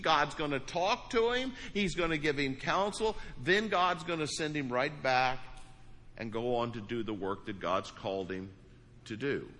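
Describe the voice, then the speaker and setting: A man preaching a sermon as pastor, emphatic, then dropping into a quiet prayer. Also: on the high side, in a large hall.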